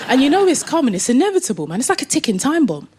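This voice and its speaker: Lively high-voiced woman doing stand-up. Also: very fast, a faint crowd. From Jamaican heritage. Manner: lively, laughs through lines, animated. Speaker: stand-up comedian. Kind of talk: stand-up comedy set. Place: comedy club stage. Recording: live club recording with clear noise.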